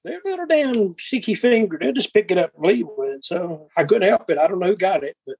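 A man's voice: high voice, lively intonation, quick pace, vocal fry, a little mellow, rough recording. An older man telling blunt, profane stories and acting out old arguments. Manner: profane, blunt, acts out quarrels in dialogue. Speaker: guest. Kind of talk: casual storytelling.

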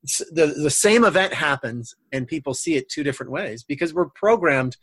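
A man guest on a coaching talk show, calmly explaining his personal philosophy like a trainer. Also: fairly high pitch, moderate pace, slightly rough, no echo. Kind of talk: conversational interview.

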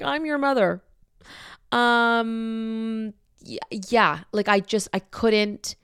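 Smooth-voiced woman, candid podcast host. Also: on the low side, no room sound, clean studio sound. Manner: rambling, candid, swears freely. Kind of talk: casual chat.

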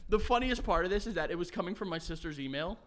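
A man's voice: high voice, animated, quick pace. Laughing, rambling young man telling stories. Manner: rambling, laughs through his own stories, swears often. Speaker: podcast co-host. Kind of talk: casual chat.

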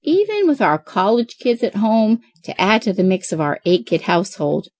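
A woman's voice: medium pitch, very animated, moderate pace, darkish tone, dry recording, studio quality. A woman in her forties, a mother of eight hosting a parenting show, reading advice in an upbeat, chatty way. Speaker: parenting podcast host.

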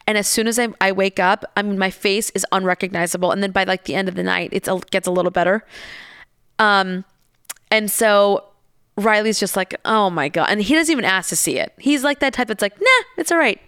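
A woman's voice: mid-range voice, a bit bright, clean tone, dry recording, clean studio sound. A young woman telling a candid story in a casual, chatty way, swearing and laughing as she goes.

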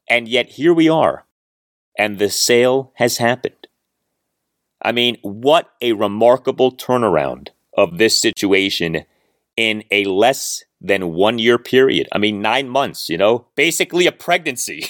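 A man hosting a solo sports podcast, talking emphatically with sarcastic jumps into a high voice. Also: sing-song, measured pace, a bit bright, no room sound, clean studio sound. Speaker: podcast host.

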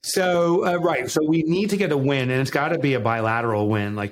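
A man with a New Jersey accent, a guest author on a podcast, telling stories with animated, acted-out quotes. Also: medium pitch, brisk. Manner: animated storytelling, acts out quotes. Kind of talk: podcast interview.

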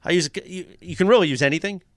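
A male radio host in casual studio banter, an animated storyteller. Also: high voice, fast talker, dry recording. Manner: animated storyteller, Italian-American home cook talk. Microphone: studio mic.

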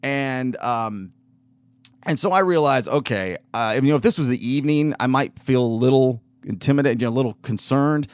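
A man's voice: mid-range voice, moderate pace, clean tone, dry recording. A man hosting a show, telling a casual story in a rambling way, with lots of restarts and fillers. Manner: rambling, self-interrupting, with fillers and laughs. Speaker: podcast host.

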